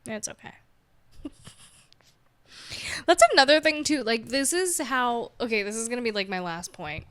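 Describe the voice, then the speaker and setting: A woman's voice: a little high, moderate pace, fairly bright tone, no echo. A woman hosting her own podcast, chatting casually in a rambling, self-mocking way and laughing often. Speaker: podcast host. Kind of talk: casual solo chat.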